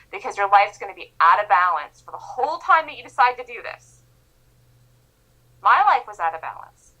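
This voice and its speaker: A woman's voice: mid-range voice, pushed and bright, low-quality recording. A woman trading instructor giving a motivational lecture in an emphatic, insistent manner.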